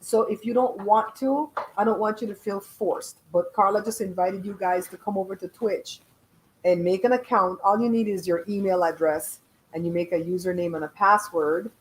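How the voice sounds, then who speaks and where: A woman's voice: mid-range voice, moderate pace, rough recording. Belizean woman, middle-aged, blunt and chatty host reading out her live chat. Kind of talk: casual live-stream chat.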